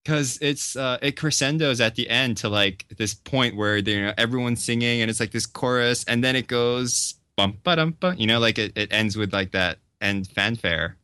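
A man's voice: mid-range voice, steady tone, normal speed, hardly any pauses, bright, forceful tone, clean tone, dry recording. A man talking casually on a podcast, telling stories with lots of fillers and laughter.

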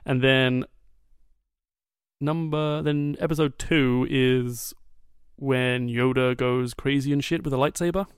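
A man chatting casually on a podcast, wry and quick to laugh, with frequent asides. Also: medium pitch, fairly even intonation, smooth, no room sound, clean studio sound.

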